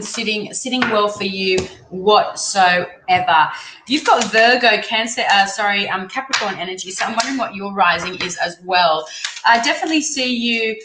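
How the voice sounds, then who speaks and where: A woman's voice: medium pitch, moderate pace. A young Australian woman giving a live-streamed tarot reading, chatty and rambling as she thinks aloud. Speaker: tarot reader. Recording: roomy echo, faint background noise.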